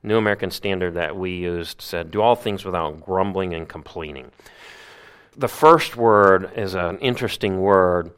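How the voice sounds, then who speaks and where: Guy preaching, lowish voice, gets loud then goes real quiet, acts out grumbly voices. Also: normal speed, clear, resonant tone. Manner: animated preaching, swinging from loud emphasis to hushed asides. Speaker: pastor. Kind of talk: sermon.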